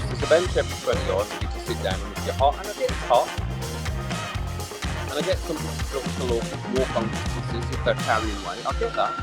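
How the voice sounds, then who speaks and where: A man's voice: mid-range voice, low-quality recording. A man ranting in a rambling, exasperated way during a casual live stream from an outdoor poolside bar, audibly tipsy from drinking. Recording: clear music behind the voice. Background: music playing.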